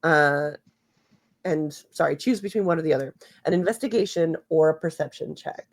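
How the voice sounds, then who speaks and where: A woman running a tabletop game as game master, narrating in a halting way with many fillers and pauses. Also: sits low.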